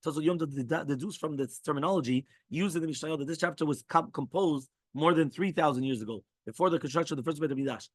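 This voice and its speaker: Fast-talking rabbi reading and explaining a text. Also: male voice, on the high side, no echo. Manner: reads quoted passages, then breaks in with quick asides and "right?". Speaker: rabbi teaching halacha.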